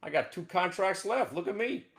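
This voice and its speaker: A man hosting a live market show, ranting brashly about his trades with sudden shouted outbursts. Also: high-pitched, moderate pace, creaky. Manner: excitable, loud bursts of shouting, brash. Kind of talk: live trading rant.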